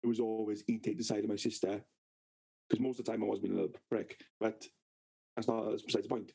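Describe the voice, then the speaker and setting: Husky Welsh man rambling an anecdote. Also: on the low side, flat delivery, fast talker, mellow, low-quality recording. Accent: South Wales Valleys. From Wales. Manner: rambling, stumbling restarts, swearing. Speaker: podcast co-host. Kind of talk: casual storytelling chat.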